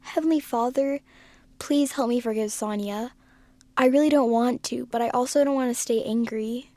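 High-voiced little girl, eager, kinda bossy, dry close mic woman doing it. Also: moderate pace, dry recording, natural voice. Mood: earnest. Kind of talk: audio storybook acting.

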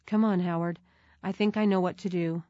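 Soft-spoken storybook mother, read by a woman, kind and gentle, low-voiced, in a dull, dry recording. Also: steady tone, normal speed, dry recording, close to an everyday voice. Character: kind, gentle mother of two young children.

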